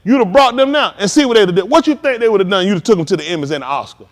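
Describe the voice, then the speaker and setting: A man preaching a live-streamed sermon in loose, slangy street talk, animated and emphatic. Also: sits high, racing.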